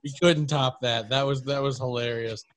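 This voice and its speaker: A man's voice: mid-range voice, fairly even intonation, normal speed, a crowd in the background. A man co-hosting a comedy podcast, trading joking, teasing banter. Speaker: podcast co-host.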